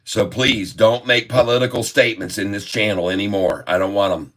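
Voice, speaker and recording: A man's voice: lowish voice, steady tone, a little fast, fairly bright tone. A middle-aged man streaming live stock commentary, folksy and talking straight to his viewers as folks.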